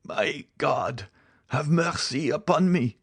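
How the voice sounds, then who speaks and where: Man voicing a dying old servant in an audiobook, choking, high, anguished. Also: animated, slow, vocal fry, slightly rough, full character voice. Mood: despairing. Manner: gasping, anguished, pleading.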